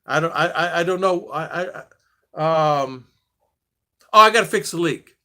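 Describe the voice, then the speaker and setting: A man's voice: fairly high pitch, lively intonation, normal speed, bright, forceful tone. A man in his sixties from the United States, telling rambling stories in a casual vlog chat, often restarting and trailing off. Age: 60s. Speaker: vlogger.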